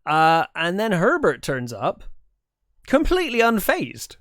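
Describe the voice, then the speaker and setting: A man on a film podcast recaps scenes in a relaxed, rambling way, full of fillers and restarts. His voice sits a little high for a man. It comes through dry, with no room sound. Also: measured pace, no echo. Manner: relaxed, lots of ums and restarts while retelling scenes. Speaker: podcast co-host. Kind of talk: casual film chat.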